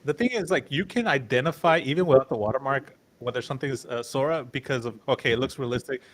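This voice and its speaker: A man's voice: medium pitch, quick pace. A man co-hosting a casual tech stream, telling stories with many restarts. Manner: meandering, many fillers and restarts. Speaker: show co-host. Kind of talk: casual livestream chat.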